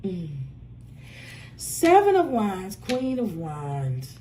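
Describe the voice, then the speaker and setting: A woman giving a casual, profane tarot reading, swinging between loud outbursts and low muttering. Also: huge pitch swings, extremely slow, slight background noise. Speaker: tarot reader.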